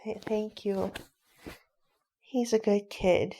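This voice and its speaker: A woman reading as a soft, halting lonely man. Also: medium pitch, fairly even intonation. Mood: moved. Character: gentle lonely Korean man far from family. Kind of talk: storybook reading.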